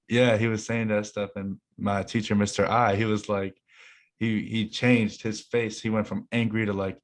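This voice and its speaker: A young man co-hosting casually, telling animated stories and laughing often. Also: lowish voice, a little slow. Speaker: co-host reading confessions. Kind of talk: casual chat.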